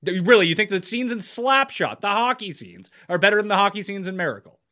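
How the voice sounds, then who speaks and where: A man's voice: sits high, lively intonation, a little fast, pushed and bright. A man hosting a casual podcast chat, teasing and argumentative, swearing as he pushes his points. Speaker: podcast host.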